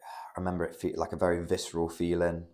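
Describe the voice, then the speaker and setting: Speaking fast in a low, monotone, darkish voice, a young man from the United Kingdom tells a story as a podcast guest. He's an amateur MMA fighter, and his casual delivery wanders, full of filler words and profanity.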